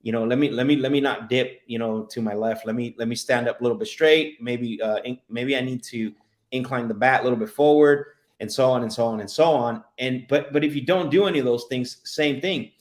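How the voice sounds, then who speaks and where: A man's voice: medium pitch, a little fast, echoey room. A man hosting a casual sales podcast, telling stories with lots of restarts and repeated words. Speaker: podcast host and sales coach.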